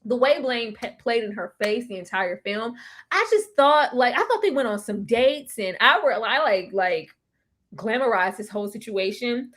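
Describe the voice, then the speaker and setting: A woman hosting a casual livestream chat, animated and slangy, laughing often. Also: fairly high pitch, moderate pace. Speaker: livestream host.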